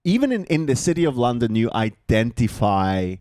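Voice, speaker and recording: A man's voice: medium pitch, very animated, normal speed, a little mellow. A man from Switzerland co-hosting a comedy podcast, chatty and playful in casual banter. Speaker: podcast co-host.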